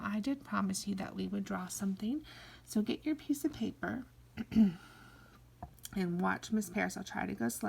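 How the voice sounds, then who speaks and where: A woman teaching phonics to young children, sounding out each word slowly and coaxing them to follow along. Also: mid-range voice, creaky, a little mellow, husky. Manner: slow, drawn-out sounding-out of words; coaxing, encouraging teacher talk. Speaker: kindergarten teacher.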